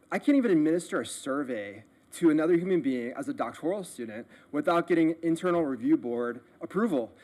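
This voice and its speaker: A man with a somewhat high voice speaks at a council podium, frustrated and emphatic. He keeps restarting sentences as he pushes his point. His tone is pointed and indignant. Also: darkish tone. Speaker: public commenter. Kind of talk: public comment at a council meeting. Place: city council chamber.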